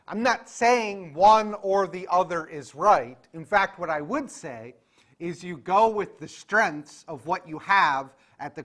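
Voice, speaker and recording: A man's voice: a little high, a bit bright. A man leading an adult church class, speaking conversationally and often checking in with his listeners. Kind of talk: casual church class teaching.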